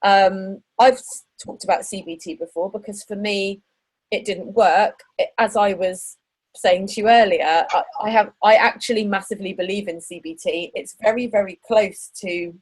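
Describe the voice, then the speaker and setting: A woman's voice: mid-range voice, husky, low-quality recording. Chatty woman podcast host. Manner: chatty, laughs often, animated. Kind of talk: casual interview chat.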